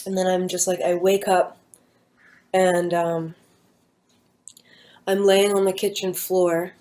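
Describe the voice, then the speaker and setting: A woman's voice: on the low side, flat delivery, takes it slowly, mellow. A young woman talking at home, telling a personal story in a rambling casual way with many fillers and restarts. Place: at home with her dog nearby.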